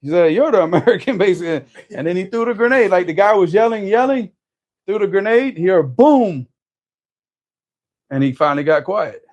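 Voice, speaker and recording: Animated man telling a story. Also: high-pitched, normal speed, dull audio. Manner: animated, with frequent restarts. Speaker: storyteller guest. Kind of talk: casual storytelling conversation.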